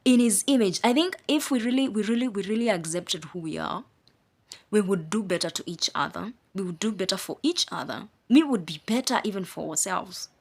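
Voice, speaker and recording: Teaching a Bible study, a woman speaks fairly quickly in a medium-pitched voice with a breathy edge. She stresses single words, repeats phrases, and drops casual asides between stretches of preaching.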